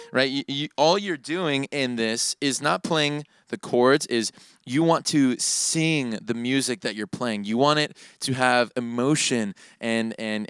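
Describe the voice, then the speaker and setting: A man teaching worship keyboard in a relaxed, casual way, often tagging his points with "right?". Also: medium pitch, smooth, no echo. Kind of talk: casual instructional talk. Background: keyboard playing.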